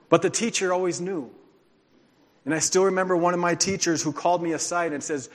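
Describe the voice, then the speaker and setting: A male pastor preaching with earnest, confessional storytelling. His voice sits a little high for a man, and the sound rings out with a long hall reverb as in a church sanctuary. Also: fast talker. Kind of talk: sermon with personal testimony.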